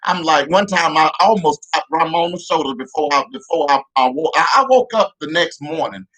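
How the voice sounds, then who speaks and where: A man's voice: on the high side, a little fast, a bit bright. A man telling comic childhood stories in a rambling, profane way with many restarts. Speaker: comedian. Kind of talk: comedic storytelling.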